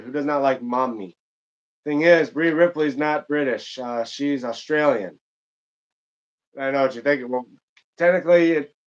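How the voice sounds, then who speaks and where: A man's voice: medium pitch, highs cut off. A man from Michigan chatting loosely with viewers during a live gaming stream, rambling with many fillers and restarts. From Michigan, United States. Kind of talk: casual live-stream chat while gaming.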